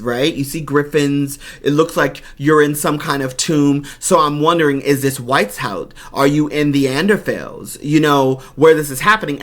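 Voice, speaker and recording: A man giving an excited, gushing reaction commentary on a game trailer as a YouTuber. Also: on the high side. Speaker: gaming YouTuber.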